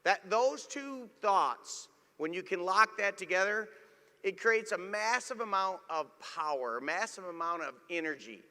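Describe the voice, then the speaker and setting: Man on stage, high and bright, crisp and clear, pumping up the room, hall reverb. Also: a little slow. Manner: energetic and emphatic. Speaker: speaker and host at a live event. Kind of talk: motivational talk to an audience. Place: large event hall.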